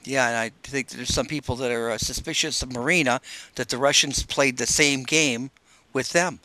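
Male host, mid pitch, bright tone, relaxed hesitant questions. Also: normal speed, slight background noise. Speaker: podcast host. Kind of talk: interview questions.

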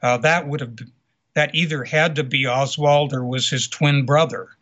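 A man being interviewed as a researcher and author, explaining his findings in a measured, deliberate way. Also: mid-range voice, fairly even intonation, fairly bright tone. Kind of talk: interview answers. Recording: muffled lo-fi audio.

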